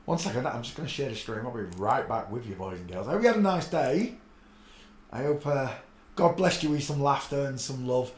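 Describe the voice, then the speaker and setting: A man's voice: mid-range voice, animated, fairly quick. English man chatting on a home livestream. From England. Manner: chatty, talks to his pets and viewers while clicking through posts. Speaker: livestream host. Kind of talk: casual live-stream chat. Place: cold room at home. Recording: echoey room with faint background noise.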